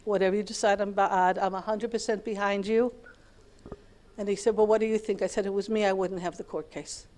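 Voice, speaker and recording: A woman's voice: mid-range voice, steady tone, brisk, a little mellow. A middle-aged American woman teaching a Torah class, telling a long family story with lots of repetition and Hebrew terms. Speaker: lecturer.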